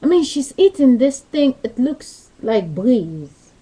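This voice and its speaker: A woman's voice: high-pitched, very animated, slow, dark tone, rough recording. A woman telling a rambling story into her webcam in loose, non-native English grammar. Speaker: vlogger. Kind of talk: casual storytelling monologue. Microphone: webcam mic.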